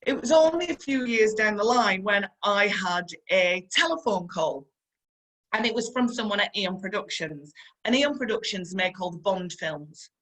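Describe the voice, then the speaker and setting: A woman's voice: mid-range voice, expressive, moderate pace, a bit bright, poor audio. A middle-aged woman with a Yorkshire accent, a stunt performer giving a storytelling motivational talk, chatty and earnest, who repeats her advice and speaks straight to her listeners.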